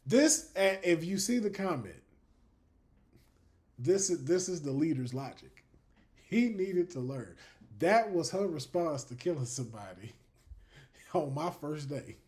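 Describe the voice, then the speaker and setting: Running a casual livestream, a man with a fairly high pitch talks to viewers in a lively way. Laughter, free swearing, and drawn-out fillers that trail off mark his speech.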